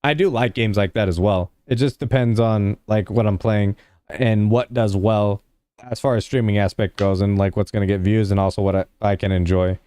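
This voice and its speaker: Smooth-voiced young man chatting to his stream. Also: on the low side, steady tone, normal speed, dark tone, no room sound. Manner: rambling, heavy use of "like" fillers; laid-back, talks to chat. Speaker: livestreamer. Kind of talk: casual livestream chat with viewers.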